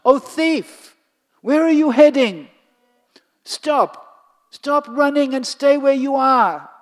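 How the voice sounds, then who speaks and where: A narrator voicing a young mother who calls out loudly in a high voice while chasing her naughty son, in a devotional storybook telling. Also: animated, slow. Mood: calling out. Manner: high, loud calling out. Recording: long hall reverb, faint music.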